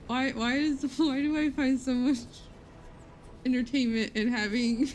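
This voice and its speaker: A woman's voice: sits high, fairly even intonation, unhurried, darkish tone, slight background noise. A woman live-streaming a video game, chatting casually, thinking aloud and laughing easily as she plays.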